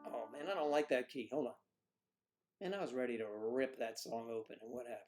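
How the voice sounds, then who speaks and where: A man's voice: mid-range voice, fairly quick, darkish tone. A man hosting a livestream, rambling and joking between songs with swearing and muttered asides. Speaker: livestream host playing guitar. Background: his own acoustic guitar.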